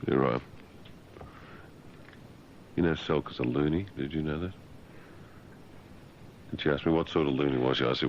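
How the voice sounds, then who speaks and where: A man's voice: a bass voice, normal speed, pauses often, highs cut off, slight background noise. A man hosting talk radio, teasing and mock-condescending as he bantered with guests and callers. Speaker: radio host.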